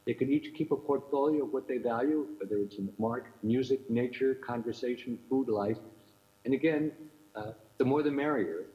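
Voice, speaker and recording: An older keynote speaker, mid-range in voice and speaking at normal speed, thoughtfully lectures in an academic setting. He keeps repeating rhetorical questions to an audience in another time zone, captured in a muffled, lo-fi recording.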